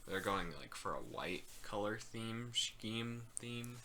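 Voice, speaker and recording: A man's voice: fairly low pitch, animated, takes it slowly, pushed and bright, a little hiss or hum. A man co-hosting a casual gaming podcast, hedging and trailing off into "like" and "I don't know.". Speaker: podcast co-host.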